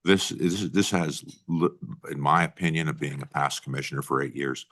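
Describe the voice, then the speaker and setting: Speaking at a normal speed, this middle-aged state senator has an extremely low voice with a fairly bright tone. Questioning a committee witness, he comes across as blunt, saying things more than once and frequently starting over.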